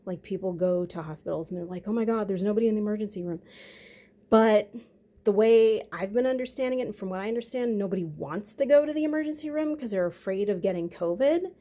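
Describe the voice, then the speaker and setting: Middle-aged woman just rambling to her viewers, warm mellow voice, lots of ums and likes. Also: mid-range voice. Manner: rambling, conversational, with frequent fillers. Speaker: vlogger. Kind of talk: casual monologue.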